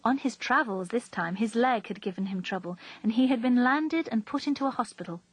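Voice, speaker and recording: A woman reading a story aloud in a steady, even narrating voice. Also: a little high, brisk, husky, no room sound, low-quality recording. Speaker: reader.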